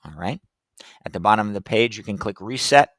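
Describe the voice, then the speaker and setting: Low-leaning and fairly bright, his voice has lively intonation and a brisk pace, with no room sound. He hosts a podcast teaching classroom tech, giving a casual step-by-step screen-share walkthrough that's chatty, loose, and packed with fillers.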